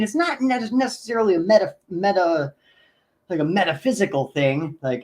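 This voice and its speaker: This is a hyped-up man who talks in a strikingly high voice. He rambles loosely and speaks straight to the viewers of his livestream. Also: poor audio. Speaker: livestream host. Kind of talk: excited livestream chat with viewers.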